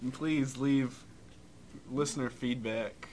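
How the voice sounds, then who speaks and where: A young man co-hosting a radio show in casual banter, making dry asides with quick chuckles. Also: mid-range voice, fairly even intonation, over a noisy crowd.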